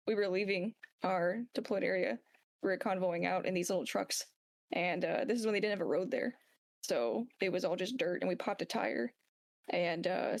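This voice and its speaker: A woman who served, guesting on a podcast and telling a funny story in an animated, casual way. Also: medium pitch, creaky, no room sound, clean studio sound.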